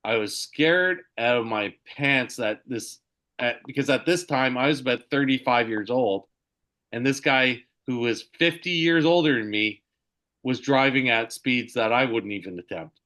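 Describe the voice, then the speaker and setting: A man, a podcast host, telling a story in a casual, halting way with many restarts. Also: mid-range voice, animated, bright, forceful tone.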